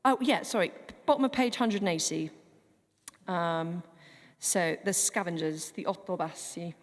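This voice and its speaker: A woman's voice: on the low side, measured pace. Woman coaching a choir in a reverberant church. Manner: chatty, demonstrates pronunciation word by word. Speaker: choir director. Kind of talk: rehearsal coaching. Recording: long hall reverb.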